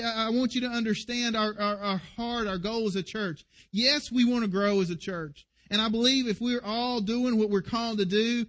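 A man's voice: high voice, a bit bright. A man preaching a sermon as pastor, earnest and emphatic.

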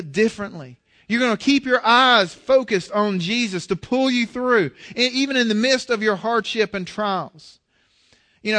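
Earnest high-voiced male pastor preaching. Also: bright, forceful tone. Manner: earnest, repeats words when starting sentences. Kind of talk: sermon.

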